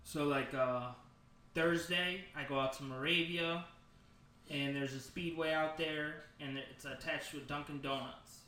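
A man's voice: fairly high pitch, steady tone, a little slow, bright, forceful tone. A young man co-hosting a podcast, telling rambling stories with a lot of swearing. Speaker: podcast co-host. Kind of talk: casual chat. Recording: roomy, distant mic with crowd noise.

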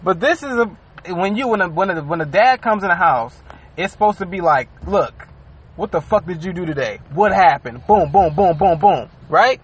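A young adult man co-hosting a podcast, talking in a casual, profane and animated way, acting out quotes as he tells stories. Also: high voice, moderate pace, slightly rough. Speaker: podcast co-host. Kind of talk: casual chat.

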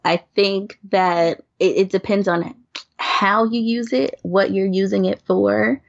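A woman's voice: mid-range voice, fairly even intonation, slow pace, creaky, dry recording. A woman from New York, a podcast guest talking casually, laughing often and restarting her sentences. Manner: laughs often, talks with many fillers and restarts. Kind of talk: casual chat. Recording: dull lo-fi sound.

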